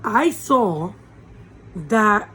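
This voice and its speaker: A woman pastor giving an informal sermon from a small warm room with a fan running, preaching conversationally with rhetorical questions. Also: medium pitch, expressive, extremely slow, slightly rough, rough recording.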